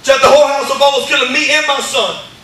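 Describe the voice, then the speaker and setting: A man giving an impassioned church testimony, stammering through repeated words and building up to shouts. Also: extremely high pitch, steady tone, fast, heavy reverb, recorded from a distance, rough recording. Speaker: testimony speaker. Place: church hall.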